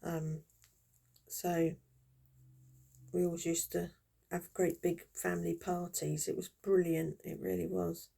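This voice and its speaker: Woman, 50s, low pitch, mellow dark tone, chatty rambling crafter vlog. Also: flat delivery, slow pace, creaky, long pauses. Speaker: crafter vlogger. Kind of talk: casual chat while crocheting.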